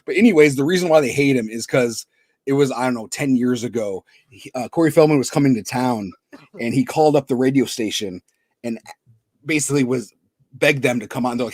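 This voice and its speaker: A man's voice: medium pitch, brisk, a little mellow, no room sound, studio quality. A man co-hosting a casual podcast, telling a long rambling anecdote full of fillers and restarts. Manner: rambling, filler-heavy storytelling. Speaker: podcast co-host. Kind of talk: casual chat.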